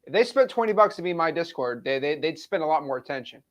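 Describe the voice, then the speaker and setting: A man hosting a casual chat, talking in a relaxed way with hesitant restarts. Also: fairly high pitch, fast. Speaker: show host. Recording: dull, muffled sound.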